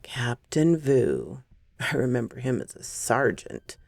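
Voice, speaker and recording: A newly turned vampire man mutters low, half-whispered grumbles, sour and gloating, as a woman puts him on in a storybook reading. The voice is mellow with a gravelly fry, and it sits close and dry. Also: very animated, slow pace, dry recording, heavily acted.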